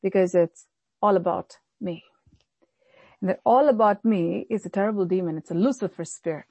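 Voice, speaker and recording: A woman pastor preaching a sermon in an animated way, often acting out the voices of people she quotes. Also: medium pitch, moderate pace, pauses often, breathy edge, no echo.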